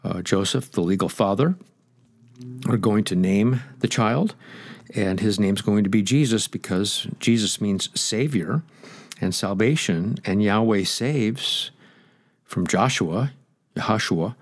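A man with a fairly low voice preaches a sermon with emphasis. He puts direct questions to his listeners. The sound is dry and close, with no room around it. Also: slow, no room sound.

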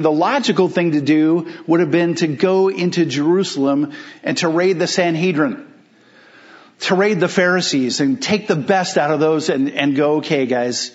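A man preaching a sermon as pastor, emphatic, asking rhetorical questions and slowing down on key phrases. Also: on the high side, dull audio.

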